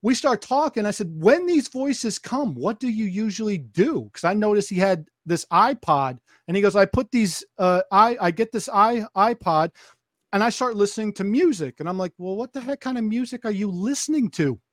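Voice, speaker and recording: An animated man with a high voice narrates a story at a moderate pace on a casual podcast, performing the quoted dialogue. He restarts and repeats phrases frequently, and the close, dry recording has no echo.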